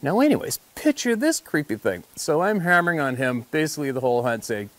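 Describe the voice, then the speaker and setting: Animated, swearing hunting guide telling a story. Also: male voice, a little high, fairly quick, hardly any pauses, no room sound. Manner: animated, swears freely, laughs at his own story. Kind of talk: casual storytelling.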